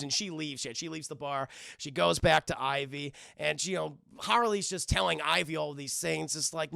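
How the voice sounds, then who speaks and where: A man doing a casual, excitable spoiler review on a livestream, swearing and using lots of fillers. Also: fairly high pitch, moderate pace, vocal fry, hardly any pauses, dry recording, clean studio sound. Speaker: cartoon reviewer streaming live.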